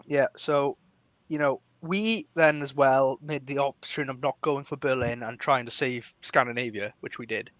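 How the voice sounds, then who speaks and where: Bright-voiced, dry-sounding male podcast host. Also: normal speed, dry recording, muffled recording. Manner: animated, laughs often, jumps up in pitch when joking. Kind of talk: casual political chat.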